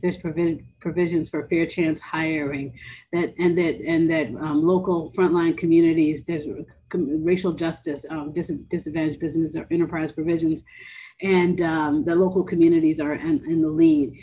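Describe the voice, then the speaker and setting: Briefing speaker, female, lower register, rushed delivery full of self-corrections, light room noise. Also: level tone, mellow, poor audio. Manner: fast, with many restarts and fillers. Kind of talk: policy briefing talk.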